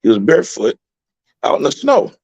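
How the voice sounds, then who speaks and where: A man who coaches high school football, telling motivational stories in a radio interview with emphatic repeats. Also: huge pitch swings, moderate pace, gravelly, a little mellow, husky, dry recording, poor audio.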